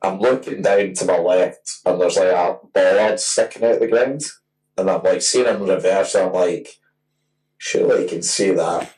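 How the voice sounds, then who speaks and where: A man's voice: low-pitched, fairly even intonation, normal speed, a little mellow, recorded from a distance, rough recording. A man in his twenties co-hosting a podcast, telling a long rambling story in casual chat and swearing freely. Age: 20s. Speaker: podcast co-host.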